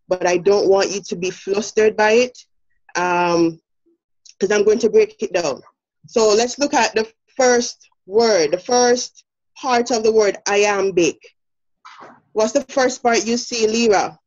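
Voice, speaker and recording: A woman's voice: mid-range voice, slow pace, a little mellow. A woman with a Jamaican accent presenting a poetry lesson, explaining step by step with many fillers. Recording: dull lo-fi sound.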